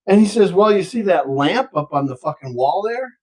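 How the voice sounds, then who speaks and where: A man's voice: a little high, lively intonation, moderate pace, a little mellow, husky, poor audio. An older man, a co-host, telling a long profane joke in casual chat and acting out the characters' voices.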